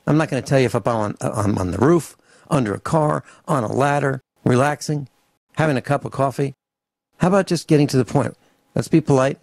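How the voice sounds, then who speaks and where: A man hosting a radio talk show, ranting in an animated, grumbling way and acting out little mock dialogues. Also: medium pitch, brisk, creaky, no echo. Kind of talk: opinionated radio talk and rant. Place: home studio on a farm. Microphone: studio microphone.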